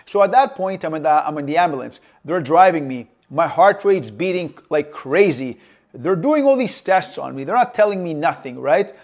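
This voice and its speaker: A man's voice: on the high side, expressive, moderate pace, a little mellow. A man telling a personal story to camera, in an anxious, vivid way with fillers and repeated phrases. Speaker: vlogger.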